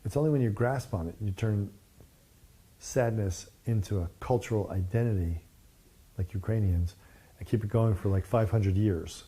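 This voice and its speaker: Husky, low-voiced meditation teacher. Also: male voice, normal speed, mellow. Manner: conversational, digressive, frequent "you know" and "right?". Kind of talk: casual dharma talk.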